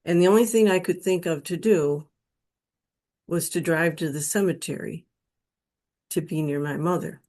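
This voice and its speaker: A middle-aged woman from Western New York slowly telling a personal spiritual testimony, emotional and earnest. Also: on the low side, darkish tone. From Western New York State. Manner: slow, emotional, pleading when quoting her prayers. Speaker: guest telling her near-death experience story.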